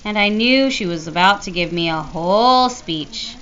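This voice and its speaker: A woman teacher reading a novel aloud to her class, with expressive first-person narration. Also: medium pitch, normal speed, lo-fi sound.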